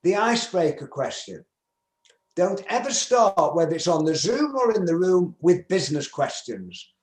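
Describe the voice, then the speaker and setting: A business skills speaker in his seventies from Manchester, with a northern English accent, gives an emphatic conference presentation and acts out sample conversations. His voice is high-pitched and darkish, and the room echoes.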